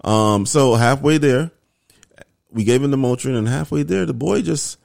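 A young man and father telling a family story in casual chat, slangy and animated, acting out what people said. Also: medium pitch, normal speed, gravelly, dry recording, studio quality. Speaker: co-host, father.

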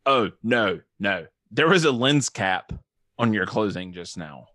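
A young man co-hosting a podcast in casual chat, loose and joking, quick to laugh. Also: fairly low pitch, expressive, pushed and bright, dry recording, clean studio sound. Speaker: podcast co-host.

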